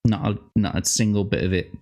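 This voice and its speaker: A man's voice: lowish voice, steady tone, a little fast, darkish tone. A man co-hosting a casual livestream chat, laughing often and swearing freely. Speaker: co-host.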